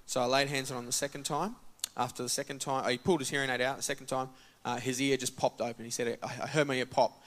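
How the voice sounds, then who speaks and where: A man's voice: medium pitch, fast. A man, a church member casually telling a testimony and acting out the dialogue. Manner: casual, animated, acts out dialogue. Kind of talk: testimony storytelling.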